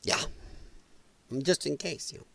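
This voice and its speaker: A middle-aged American man from the Midwest hosting a political commentary stream, ranting with profanity and sarcasm. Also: a little slow. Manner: profane, sarcastic, mocking mimicry of others.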